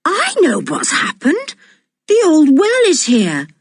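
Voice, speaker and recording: A woman voicing a sensible boy who takes charge of the other children, explaining things in a raised, excited voice. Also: mid-range voice, measured pace, no echo, studio quality. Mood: astonished.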